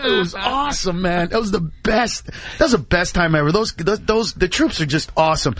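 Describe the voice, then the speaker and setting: A man who is a comedian guest on a radio talk show, telling stories excitedly, saying dude and bro a lot and acting out other people's voices. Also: sits high, normal speed, a loud crowd.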